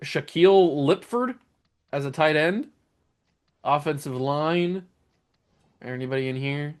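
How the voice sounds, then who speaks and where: A man's voice: a little high, slow, clean tone. A young man hosting a gaming channel, chatting casually and laughing while reading through odd player names. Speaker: gaming YouTuber host. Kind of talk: casual game commentary.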